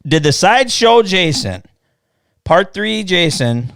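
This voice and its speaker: A man hosting a casual podcast chat, telling stories loudly, cursing often, and mimicking people he quotes. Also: sits high, slow pace, gravelly, dry recording, clean studio sound. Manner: profane, animated storytelling with mocking quoted voices. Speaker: podcast host.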